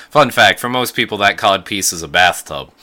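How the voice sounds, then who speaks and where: A man with a low but bright, forceful voice talks through an episode recap in loose, casual banter. He swears often and throws in quick impressions of the characters' lines. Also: expressive, a little hiss or hum. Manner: swears freely, acts out lines. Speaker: podcast co-host.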